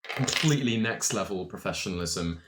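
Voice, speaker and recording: A man's voice: low-pitched, animated, a little fast, fairly bright tone. A man narrating a tabletop game as game master, descriptive and laughing easily. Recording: roomy echo.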